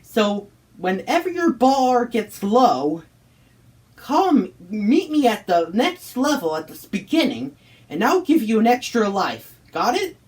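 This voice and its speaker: A woman's voice: on the high side, big pitch swings, takes it slowly, darkish tone, recorded from a distance. Woman voicing a helpful cartoon dog. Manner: patient, explains game rules. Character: helpful male cartoon dog giving extra lives.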